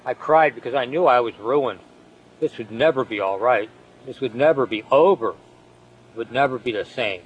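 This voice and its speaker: A man voicing a young male soldier writing home to his sister, halting and frightened. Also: medium pitch, breathy edge, highs cut off, close to an everyday voice.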